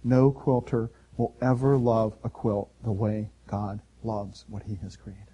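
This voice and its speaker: A male pastor preaching a sermon in a conversational, storytelling way, swinging from loud emphasis to soft quiet. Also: on the low side, flat delivery, unhurried, a little hiss or hum.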